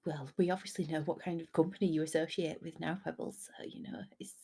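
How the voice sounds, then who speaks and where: Woman, tabletop player, soft teasing talk, slightly low pitch. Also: steady tone, fast, husky. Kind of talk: tabletop role-play chat.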